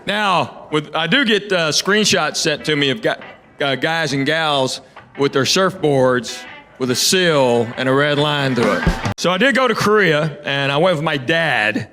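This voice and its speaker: A man's voice: a little high, expressive, a little slow, pushed and bright, soft background music. A middle-aged man from Tennessee, doing a stand-up set and telling stories with quoted voices and playful asides to the crowd. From Knoxville, Tennessee. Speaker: stand-up comedian. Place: comedy stage with live audience.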